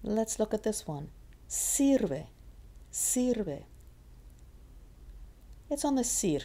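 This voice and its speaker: A woman's voice: mid-range voice, big pitch swings, brisk, warm tone. A woman teaching a Spanish lesson, patiently repeating words to model their stress. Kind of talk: classroom lesson explanation.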